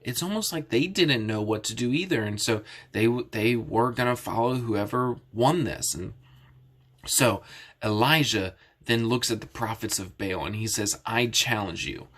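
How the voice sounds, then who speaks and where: A man's voice: mid-range voice, moderate pace, fairly bright tone. A man casually retelling a Bible story as a lesson, explaining things simply and often restarting sentences. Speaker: Bible teacher.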